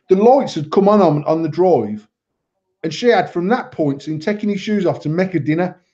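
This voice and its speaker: On the high side, this Englishman's voice comes through with the top frequencies cut off. As a podcast host trading casual banter, he spins stories packed with profanity and lively quoted lines.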